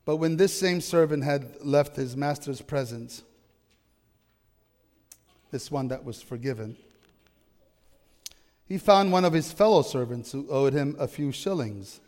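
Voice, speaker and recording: A man's voice: fairly high pitch, animated, a little slow, long pauses, darkish tone, big-room sound. A man preaching a sermon to his congregation, emphatic and often asking them questions. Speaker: pastor. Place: church.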